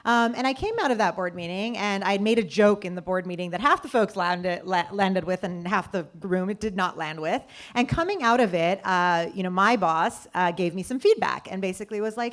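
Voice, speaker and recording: A woman's voice: brisk, few pauses. A woman co-founder telling an anecdote in an interview, acting out the voices of the people she quotes. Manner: lively storyteller acting out quoted voices with big pitch jumps. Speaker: company co-founder, interview guest.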